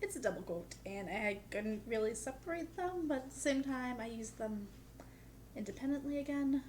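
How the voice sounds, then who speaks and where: A woman's voice: fairly high pitch, expressive, normal speed, a little mellow, a little hiss or hum. A young woman vlogging in a casual, chatty way, with dry humor and lots of "like". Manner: chatty, peppered with "like". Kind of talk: casual chat to camera.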